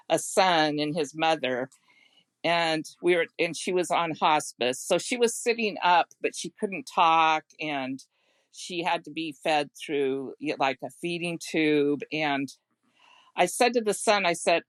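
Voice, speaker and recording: A middle-aged woman, a home care consultant, telling personal stories in a podcast interview in an earnest, gentle way. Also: sits low, dry recording. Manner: earnest and gentle, with frequent restarts.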